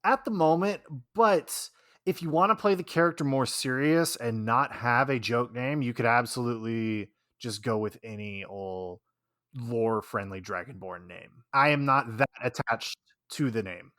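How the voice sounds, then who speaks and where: A man guesting on a podcast, chatting casually about his game character, laughing often and trailing off quietly at the ends of thoughts. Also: mid-range voice, normal speed, dry recording, studio quality.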